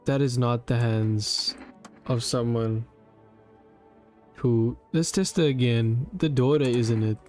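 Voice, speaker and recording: A man's voice: medium pitch, steady tone, slow pace, long pauses, a little mellow, soft background music. A man giving casual gameplay commentary, reacting aloud in an emotional, slangy way. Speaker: gamer.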